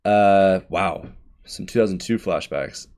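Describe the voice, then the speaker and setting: A man hosting his channel, casually thinking aloud through his bracket predictions with quick asides. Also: sits low, darkish tone, smooth. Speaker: channel host.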